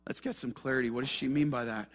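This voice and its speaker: A man's voice: medium pitch, steady tone, quick pace, fairly bright tone. A man pastor preaching an earnest sermon with emphatic rhetorical questions.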